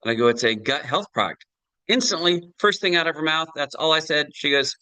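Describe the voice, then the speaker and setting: Chatty middle-aged man pitching on a call. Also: fairly quick, dry recording, low-quality recording. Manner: chatty, animated, many fillers and tag questions. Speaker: presenter. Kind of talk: sales presentation on a video call. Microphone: video call.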